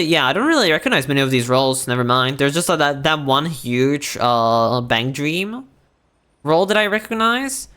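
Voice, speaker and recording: A man's voice: fairly high pitch, animated, moderate pace, sharp tone, clear, resonant tone. A young man chatting casually while streaming a game, rambling with lots of fillers and restarts. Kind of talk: casual chat while gaming.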